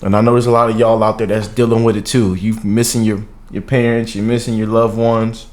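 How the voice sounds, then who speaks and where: A man's voice: fairly low pitch, little pitch movement, brisk, a little mellow. A man in his thirties hosting a reaction video, rambling and heartfelt, calling viewers y'all and man. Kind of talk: casual reaction commentary.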